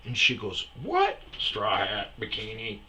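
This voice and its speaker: A man with a lowish voice hosts a casual storytelling show at a moderate pace, swearing freely and animatedly acting out the dialogue. There's a slight hiss or hum on the recording.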